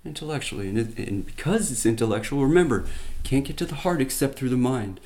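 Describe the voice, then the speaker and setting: A man's voice: mid-range voice, expressive, brisk, darkish tone. A man teaching from the Bible by retelling it as a story, with conversational asides and emphatic quoted lines.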